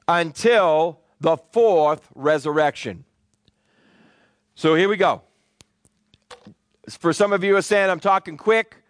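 A man's voice: a little high, no echo. A male pastor teaching a sermon, explaining scripture chapter by chapter and asking the congregation to repeat key words back to him. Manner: call-and-response with the congregation; explanatory, citing scripture verses.

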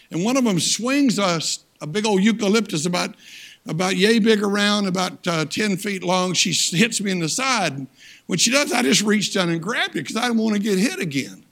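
A man's voice: sits high, expressive, normal speed, gravelly, a bit bright. An older man, a missionary and guest preacher, giving a sermon in a plain-spoken, folksy storytelling way with emphatic turns. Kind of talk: sermon with personal stories.

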